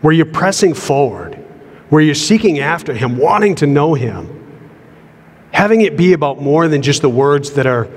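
A man's voice: fairly high pitch, lively intonation, moderate pace. A middle-aged man preaching a sermon in an earnest manner, often repeating words as he builds a point, heard in a church sanctuary. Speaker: pastor. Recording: long hall reverb.

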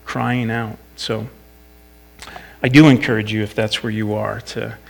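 A man's voice: lowish voice, flat delivery, unhurried, gravelly. A middle-aged man giving an informal Bible devotional in a conversational, reflective way, thinking aloud as he talks.

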